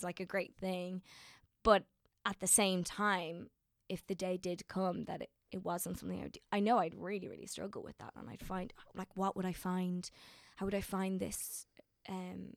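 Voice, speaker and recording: A woman's voice: medium pitch, vocal fry, dry recording, clean studio sound. A young woman actor talking in a casual interview, emotional and rambling, with many fillers and restarts.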